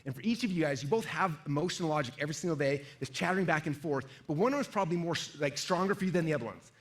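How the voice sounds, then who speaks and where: Energetic fast-talking male seminar speaker. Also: on the high side. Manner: energetic, asks the audience questions, acts out inner voices. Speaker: sales trainer. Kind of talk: live seminar talk to an audience.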